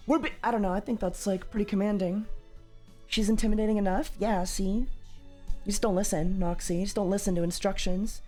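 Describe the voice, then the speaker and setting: A woman hosting a casual livestream chat, loud and sweary, with a slightly tired voice. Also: mid-range voice, steady tone, a little fast, faint music behind. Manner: loud, swears freely, jumps into yelling. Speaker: livestream host.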